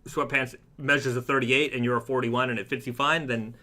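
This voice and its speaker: Pushed and bright, the medium-pitched voice of this Toronto-accented Canadian moves fairly quickly with fairly even intonation. Co-hosting a brand's live stream, he reads viewer comments and chats casually, rambling through plenty of fillers and restarts.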